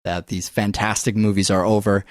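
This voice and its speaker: Animated man swearing through a film chat. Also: on the low side, normal speed, no room sound, studio quality. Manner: animated, swears freely, breathless. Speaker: podcast co-host. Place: studio.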